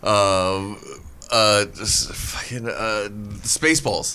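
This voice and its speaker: A man's voice: fairly low pitch, fairly even intonation, slow pace, bright, forceful tone, smooth. A man co-hosting a casual podcast chat about comedy films, talking loosely with lots of filler words and swearing. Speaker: podcast co-host.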